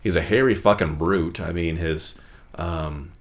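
A man with a very low, deep voice talks loosely on a podcast. He rambles and swears, and keeps slipping into quick impressions of the people he describes. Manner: crude, rambling, acts out quotes in character. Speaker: podcast co-host. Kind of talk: casual chat.

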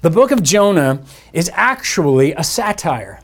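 A man's voice: on the high side, sing-song, unhurried. Conversational male pastor preaching. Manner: conversational preaching with playful asides. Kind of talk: sermon. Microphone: church podcast mic.

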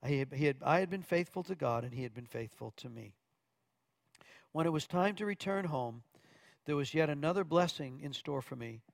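A man's voice: fairly high pitch, lively intonation, moderate pace, creaky, no echo. A man preaching from Arkansas, earnestly telling a testimony story with quoted dialogue and occasional stumbles.

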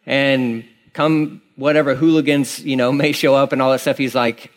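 A man's voice: mid-range voice, steady tone, normal speed, few pauses. Male pastor, mid-range voice, loose chatty sermon delivery full of restarts. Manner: casual, rambling storytelling with many fillers and restarts. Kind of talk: conversational sermon.

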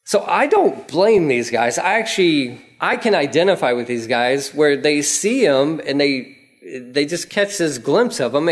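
A man preaching a casual, conversational sermon, telling the story vividly and acting out prayers in a raised voice. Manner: animated storytelling, acts out prayers in a raised pitch. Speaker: pastor.

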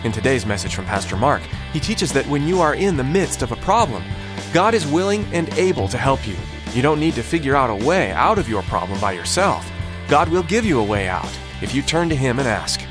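Male radio announcer, mid-pitched, measured scripted read, guitar music clearly under the voice. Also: sing-song. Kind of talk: scripted narration. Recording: radio broadcast with music bed.

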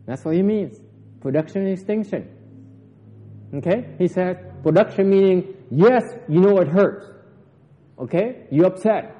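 A man giving a Buddhist teaching, animated and teasing, acting out dialogue with his students. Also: sits high, a little slow, long pauses. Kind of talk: dharma lecture with students. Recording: dull lo-fi recording in a reverberant hall.

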